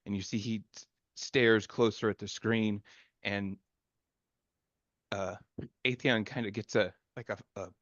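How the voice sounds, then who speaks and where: Low-voiced male game master, halting. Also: steady tone, a bit bright, no echo, dull audio. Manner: halting, filler-heavy narration. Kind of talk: narrating a tabletop game.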